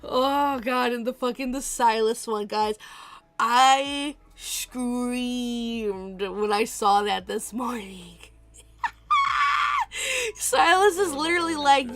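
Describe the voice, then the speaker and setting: A woman streamer chats casually and profanely while she games, faint music playing behind her. Her voice is a little high and slow, and she's animated and laughs often.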